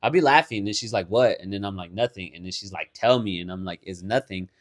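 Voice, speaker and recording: A man's voice: lowish voice, fast talker. A man co-hosting a podcast in casual chat, laughing a lot, swearing and saying "bro" as he tells a story. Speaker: podcast co-host.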